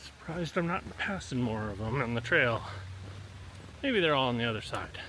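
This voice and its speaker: Bright-voiced man vlogging on a trail. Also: mid-range voice, animated, slight background noise. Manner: chatty, unhurried, pauses often. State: panting on uphill. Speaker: hiker vlogger. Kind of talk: casual trail vlog. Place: outdoors on a forest trail.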